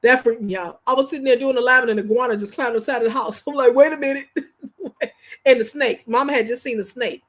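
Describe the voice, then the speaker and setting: High-voiced chatty woman livestreaming. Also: brisk. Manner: animated, chatty storyteller addressing viewers directly; informal, slangy speech. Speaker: livestream host. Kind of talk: casual livestream chat.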